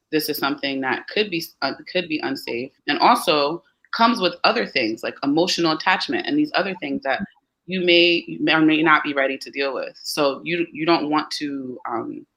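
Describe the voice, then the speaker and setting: Bright, animated woman giving advice. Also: low voice, poor audio. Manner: animated, acts out quoted teens and parents. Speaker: pediatrician guest. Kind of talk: conversational advice interview.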